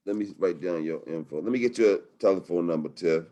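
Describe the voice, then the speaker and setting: A man's voice: sits low, fairly quick, dark tone. Slangy, hyped-up male webinar host. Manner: hype, slangy, upbeat. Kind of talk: live webinar sales talk.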